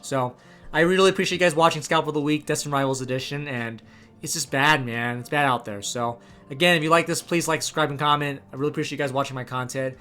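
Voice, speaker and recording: A man's voice: a little high, fast talker, sharp tone, soft background music. A man in his thirties hosting a channel, giving a heated, profane, exasperated rant. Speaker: YouTube host. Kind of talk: ranting commentary.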